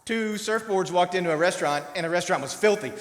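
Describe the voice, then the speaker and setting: A man performing live improv comedy, telling jokes in a lively, playful way. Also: sits high, fast. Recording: roomy, long hall reverb.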